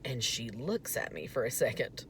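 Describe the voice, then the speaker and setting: A woman's voice: rumbling low, big pitch swings, moderate pace, slight background noise. A young woman from the American South, telling a chatty, self-mocking vlog story that turns earnest. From Southern United States. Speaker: vlogger.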